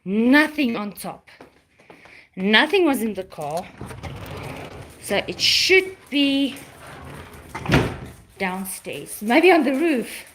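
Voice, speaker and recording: A woman's voice: on the high side, big pitch swings, drawn-out words, pauses often, background noise. A woman chatting casually with viewers of her live stream while walking around, out of breath. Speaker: vlogger.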